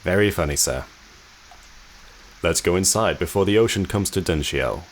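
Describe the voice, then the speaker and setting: A man's voice: deep voice, expressive, moderate pace, slight background noise. A man voicing an old male gardener with a bad back, speaking in a dry, deferential way in a mystery game.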